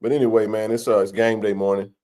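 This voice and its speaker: A man's voice: lowish voice, little pitch movement, fast talker, a little mellow. A man hosting a live sports chat stream, joking loosely and greeting viewers by name.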